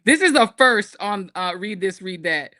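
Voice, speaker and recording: Woman, co-host, casual livestream, bright, dry sound. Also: mid-range voice, a little slow, no echo. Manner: laughs often, animated and playful.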